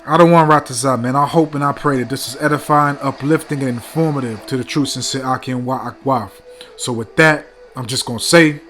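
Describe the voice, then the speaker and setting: A man's voice: medium pitch, fairly quick, fairly bright tone. A man hosting his own channel, reading a text aloud and breaking off with emphatic, impassioned asides. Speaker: online channel host.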